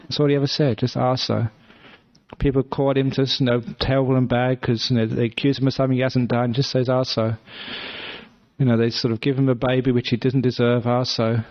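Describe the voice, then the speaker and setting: A man's voice: medium pitch, flat delivery, fast talker, few pauses, muffled recording. A man giving a Buddhist dharma talk, telling a story in a chatty, humorous way. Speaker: Buddhist monk teacher.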